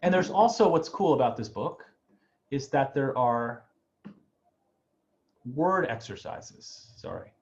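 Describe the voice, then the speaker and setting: A man's voice: mid-range voice, very animated, slow pace, creaky, long pauses, a little mellow, lo-fi sound. A man teaching an online music class, talking in a loose, chatty way and often checking in with "right?". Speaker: music professor. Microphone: video call.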